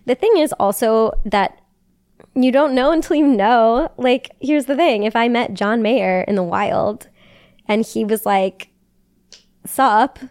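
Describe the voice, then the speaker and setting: A woman's voice: on the high side, a little slow, darkish tone, clear, resonant tone, no echo. Casting note: young woman host, chatty and giggly, dry close sound. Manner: chatty, giggly, lots of likes. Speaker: podcast host. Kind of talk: casual chat.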